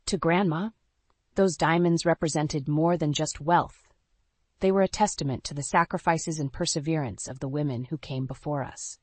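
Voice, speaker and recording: Woman narrator, low voice, dry close sound, scripted first-person story. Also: moderate pace, a little mellow, no room sound.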